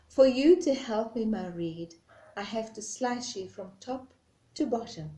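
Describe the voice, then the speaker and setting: A woman speaking as a gentle, patient God in a parable, her voice soft and slow, recorded in an echoey room. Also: on the high side, animated. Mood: tender.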